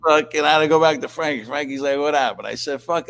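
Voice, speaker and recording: A man telling a long, rambling story in casual chat, swearing constantly and clearing his throat often. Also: medium pitch, steady tone, fast, few pauses, a bit bright, slight background noise. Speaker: interview guest.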